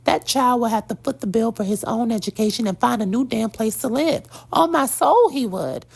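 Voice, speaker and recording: A woman delivers opinionated celebrity gossip commentary, blunt and sassy, lecturing her listeners. Her voice is fairly high, with a gravelly, husky edge. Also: brisk, darkish tone. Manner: blunt, sassy, preachy, addresses "girl" and "y'all".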